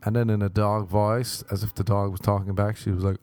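A man's voice: lowish voice, steady tone, brisk, hardly any pauses, a little mellow. A young man, a comedian, rambling through crude, self-mocking stories in a casual solo podcast monologue.

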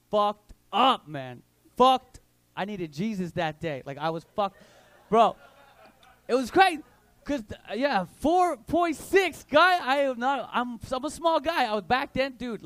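A young man doing stand-up comedy, telling crude stories full of slang in an animated way on a club stage. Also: extremely high pitch, no echo.

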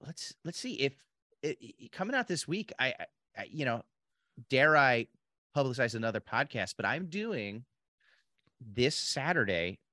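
A middle-aged man co-hosting a podcast in casual chat, talking haltingly and repeating words, with a lingering cough. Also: medium pitch, sing-song, bright, forceful tone, no echo, studio quality. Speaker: podcast co-host.

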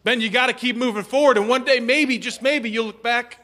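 A man's voice: high-pitched, fairly even intonation, quick pace, pushed and bright. A man voicing his old ninth-grade teacher, a firm and encouraging woman. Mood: urging. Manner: earnest, urging. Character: firm, encouraging female schoolteacher.

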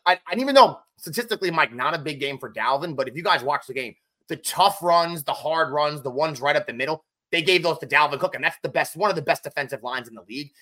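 A man co-hosting a casual sports podcast, talking fast and emphatic as he runs through game stats. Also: on the high side, pushed and bright. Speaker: podcast co-host.

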